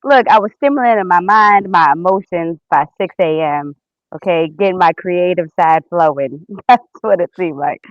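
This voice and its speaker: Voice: mid-range voice, moderate pace, dry recording. Laid-back panel guest, dull dry sound. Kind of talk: casual panel chat.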